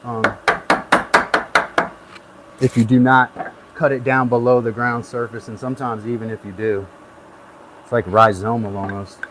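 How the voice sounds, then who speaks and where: A man's voice: mid-range voice, flat delivery, measured pace, long pauses, background noise. A man hosting a casual live stream, rambling easily as he gives hands-on tips and chats with viewers. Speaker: livestream host.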